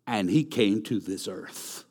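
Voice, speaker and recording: A man's voice: on the low side, expressive, slow, darkish tone. A man preaching a sermon, emphatic and repeating key phrases for stress. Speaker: pastor.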